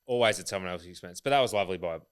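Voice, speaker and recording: A man's voice: sits low, very fast, clear, resonant tone. A man, co-hosting a podcast in an easygoing, agreeable chat. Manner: easygoing, agreeable, laughs often. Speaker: podcast co-host. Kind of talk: casual chat.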